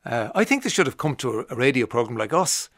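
A man's voice: medium pitch, very animated, quick pace, a bit bright, no room sound, studio quality. An Irish man hosting a radio show, chatting casually and reading out listener messages with frequent "uh" fillers. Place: radio studio.

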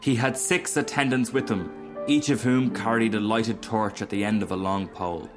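A man reading a fairy tale aloud as narrator, in a measured, expressive storytelling manner. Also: fairly low pitch, music in the background.

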